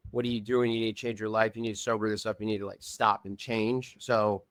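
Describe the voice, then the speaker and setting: A man's voice: fairly low pitch, flat delivery, fairly quick, a bit bright, dry recording. Earnest rambling man, dry sound. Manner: earnest, rambling storytelling with many fillers. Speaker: reality show contestant and podcast guest. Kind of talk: casual chat.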